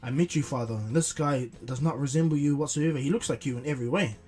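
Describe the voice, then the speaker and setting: A man's voice: medium pitch, fast talker, a little mellow, faint music behind, close to an everyday voice. A man doing an earnest young time traveler.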